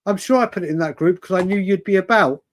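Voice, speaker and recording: Casual male stream host, fairly high pitched, chatty and rambling. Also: quick pace. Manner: chatty, rambling, laughs often, calls viewers mate and brother. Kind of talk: casual live-stream fan chat.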